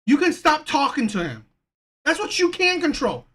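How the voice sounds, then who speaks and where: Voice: high-pitched, huge pitch swings, normal speed, fairly bright tone. A reaction video host giving emphatic, ranting commentary on a clip, tagging "right?" onto nearly every point and swearing freely.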